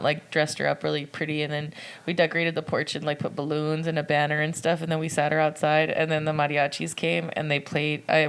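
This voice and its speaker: A young woman telling a story on a casual podcast, her voice sitting a little low. She leaps up into high, bright tones whenever she quotes someone. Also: clean tone. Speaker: podcast co-host. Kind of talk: casual chat.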